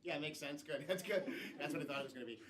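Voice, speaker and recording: A man hosting improv games on a comedy stage, playful and often laughing, with loud announcements. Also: a little high, quick pace, a crowd in the background. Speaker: improv show host. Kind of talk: live improv game hosting. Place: comedy theater with live audience. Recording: distant mic, loud audience.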